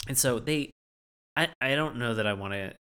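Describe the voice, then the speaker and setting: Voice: medium pitch, normal speed, sharp tone, clean tone. A podcast co-host casually recapping a cartoon episode, hesitant, with fillers and restarts.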